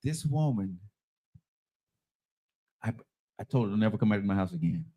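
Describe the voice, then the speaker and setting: A man in his thirties telling a profane story in a lively, dramatic way, checking in with "right?" again and again. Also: on the low side, normal speed. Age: 30s. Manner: animated, dramatic, repeats "right?". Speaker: storyteller on a live-streamed talk show.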